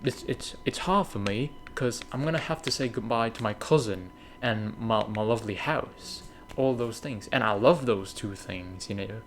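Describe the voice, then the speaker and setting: A man's voice: lowish voice, moderate pace, slight background noise. A young man from Indonesia telling his life story in a rambling, candid way, dropping "right?" and "mate" and swearing often. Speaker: gaming video creator. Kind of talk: casual personal storytelling.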